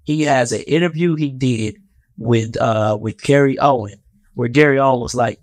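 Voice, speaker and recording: A man's voice: medium pitch, moderate pace, no echo, clean studio sound. A man giving a heated, profane, rambling commentary rant in a casual vlog.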